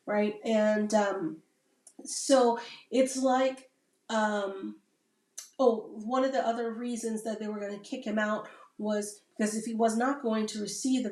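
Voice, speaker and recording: A woman, a Navy veteran, talking in a casual, rambling podcast conversation and often checking in with "right?". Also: medium pitch. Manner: rambling, keeps adding "right?" tags. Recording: roomy sound from a distant mic.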